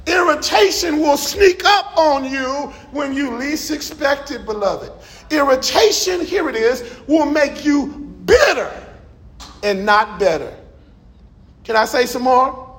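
A middle-aged man preaches in a church with a very high voice that keeps a gravelly edge. He pushes his points into shouted bursts and keeps calling out to the congregation for answers. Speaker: pastor. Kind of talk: sermon.

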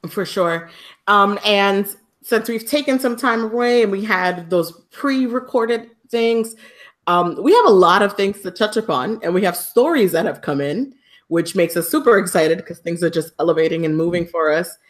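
A woman co-hosting a podcast live, chatting in an upbeat, excitable way and laughing easily. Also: medium pitch, normal speed. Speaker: podcast co-host. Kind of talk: casual live-stream chat.

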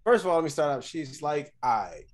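Higher-voiced man telling a profane story. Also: brisk. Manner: swearing, animated storytelling. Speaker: podcast co-host. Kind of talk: casual chat.

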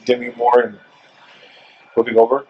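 A man hosting a relaxed outdoor podcast interview, talking in a chatty, joking way. He wanders into rambling asides and keeps the questions loose and playful. His voice sits at an ordinary middle pitch. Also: normal speed, highs cut off, slight background noise. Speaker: podcast host. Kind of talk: casual interview chat. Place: outdoors in front of a store.

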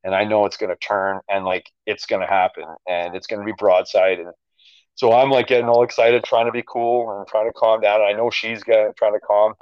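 A man's voice: on the low side, fairly even intonation, a little fast. A man with a Canadian accent, a podcast guest telling a story casually, full of fillers. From Alberta, Canada. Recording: dull lo-fi audio.

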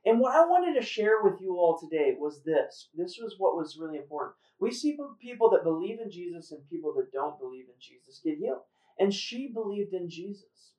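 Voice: medium pitch, big pitch swings, a little fast, warm tone, muffled recording. A host telling a faith story in a casual, earnest way, with fillers and restarts. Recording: roomy echo, far from mic.

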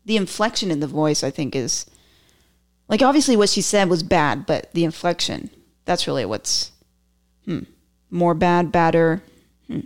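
A woman's voice: deep voice, expressive, moderate pace, pauses often. A woman hosting her own podcast, chatting through political commentary in a rambling, self-mocking way with joking asides. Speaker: podcast host.

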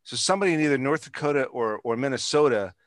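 A man's voice: medium pitch, lively intonation, fast talker, no echo, studio quality. A man in casual chat, rambling and swearing, with many restarts and fillers.

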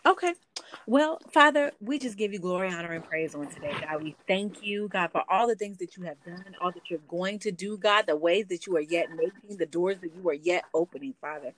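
A woman's voice: on the low side, brisk, hardly any pauses, fairly bright tone, slight background noise. A woman co-host who leads a fervent spoken prayer, calling on God between phrases, and chats briefly. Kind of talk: spoken prayer and casual chat.

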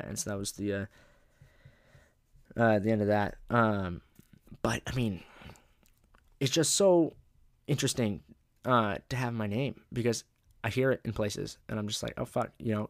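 Profane, laid-back young man with a gravelly voice. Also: lowish voice, fairly even intonation, a little fast, no room sound, studio quality. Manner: profane, laid-back storytelling with lots of filler. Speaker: podcast host. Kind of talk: casual storytelling monologue.

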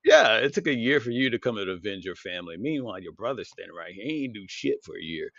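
Man, podcast co-host, husky voice, lively swinging pitch, dull lo-fi sound, swears a lot. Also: quick pace, no echo. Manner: animated, swears a lot, acts out quotes in shifting voices. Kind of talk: casual storytelling chat.

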